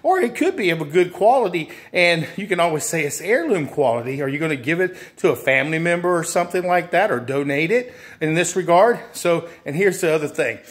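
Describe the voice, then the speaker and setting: A man's voice: fairly high pitch, expressive, brisk, few pauses. A man teaching furniture sales in a conversational way, repeating phrases and acting out the exchanges between salesperson and customer. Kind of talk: instructional talk with acted sales dialogue.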